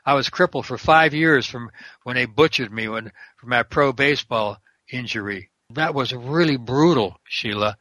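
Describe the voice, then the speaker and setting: A man's voice: mid-range voice, moderate pace, pushed and bright, no room sound. An older man, a prison minister and guest, talking fervently in an interview and quoting scripture verse by verse. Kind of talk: preaching interview talk.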